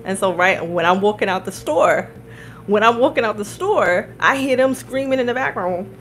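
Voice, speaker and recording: Woman, tarot reader, chatty, animated, laughs a lot, mid pitch, faint background noise. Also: moderate pace, low-quality recording. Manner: chatty and animated, laughs often, checks in with "okay?" and "all right?". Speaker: tarot reader and spiritual coach. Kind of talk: casual tarot reading with storytelling.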